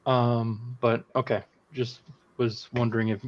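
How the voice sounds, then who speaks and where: A man's voice: medium pitch, flat delivery, measured pace. A man playing a tabletop game, talking casually in a hesitant, self-correcting way, on a dull lo-fi recording. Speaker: player.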